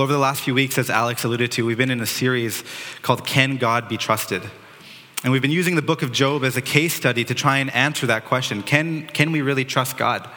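A man's voice: medium pitch, bright, forceful tone. A man preaching a sermon in earnest, quoting figures dramatically, with some restarts. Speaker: pastor. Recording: reverberant hall.

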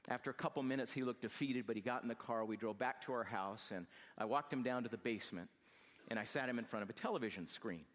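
A man telling an emotional personal story, speaking quietly and slowly, softening to a hush at tender moments. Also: mid-range voice, big-room sound.

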